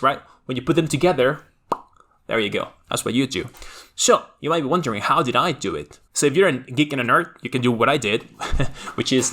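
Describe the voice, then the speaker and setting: A man's voice: medium pitch, sharp tone. A young man, a native Spanish speaker, teaching a language lesson and explaining points to the viewer while checking in often. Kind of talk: educational video lesson.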